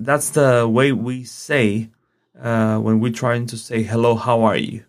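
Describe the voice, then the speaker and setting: A man with a Spanish accent, a native Spanish speaker teaching a radio language lesson, patient and slow, repeating phrases for the learner. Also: mid-range voice.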